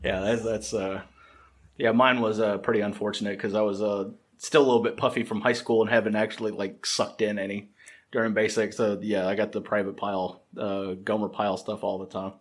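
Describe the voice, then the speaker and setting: A man's voice: fairly low pitch, little pitch movement, a little fast. A man hosting a podcast from an apartment, chatting casually with a guest and laughing easily. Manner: easygoing, laughs often. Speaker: podcast host. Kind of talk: casual interview chat.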